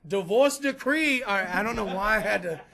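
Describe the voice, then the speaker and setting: A man's voice: high voice, steady tone, quick pace, gravelly, a crowd in the background. A man hosting a podcast, telling rambling comic stories full of profanity and frequent laughter. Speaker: podcast host. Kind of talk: comedic storytelling monologue.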